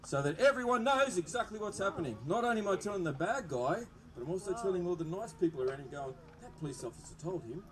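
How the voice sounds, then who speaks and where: In very noisy outdoor conditions, a high-pitched Australian police presenter talks fast with few pauses, animatedly running a demonstration at a public open day. Over a loudspeaker microphone he jokes with the live crowd and chats cheerfully with the kids.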